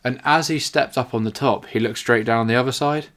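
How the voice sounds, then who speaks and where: A man's voice: medium pitch, fairly quick, a bit bright. A young man casually telling a rambling, sweary story, full of "like" fillers. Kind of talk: casual anecdote.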